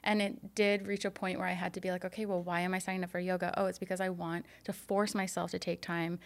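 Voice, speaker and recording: A woman's voice: fairly low pitch, flat delivery, fast talker, vocal fry. A woman hosting a podcast interview, talking candidly and chattily with frequent "like"s. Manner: candid, chatty, many fillers. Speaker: podcast host.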